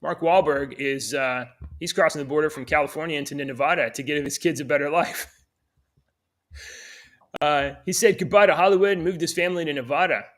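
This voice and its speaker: A man's voice: on the high side, a little fast, fairly bright tone. A man co-hosting a casual morning show, rambling and joking as he reads out news items. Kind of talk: casual chat.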